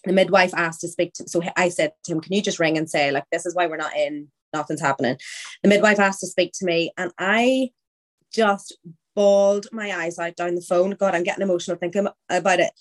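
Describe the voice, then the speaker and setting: A woman's voice: lowish voice, normal speed. A woman, a podcast guest candidly telling her story in casual, chatty conversation. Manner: candid, chatty, quotes her own thoughts aloud.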